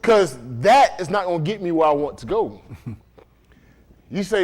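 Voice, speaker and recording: A man's voice: high-pitched, animated, normal speed, pauses often. A man from preaching a sermon to a congregation in a loose, conversational way, often checking in with questions. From Dade County, Florida. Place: congregation room.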